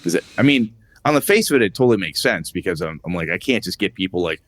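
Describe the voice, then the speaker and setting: Deep-voiced, animated podcast host. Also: male voice, fast, no room sound. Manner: animated, acts out quotes with rising pitch. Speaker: podcast co-host and game master. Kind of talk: casual podcast chat.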